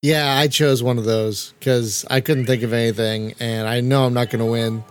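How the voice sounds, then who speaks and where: A man's voice: mid-range voice, steady tone, normal speed, clean tone, soft background music. A man hosting a casual game stream, rambling and restarting his sentences as he talks. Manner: rambling with restarts, laughs often. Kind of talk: casual chat while playing a game.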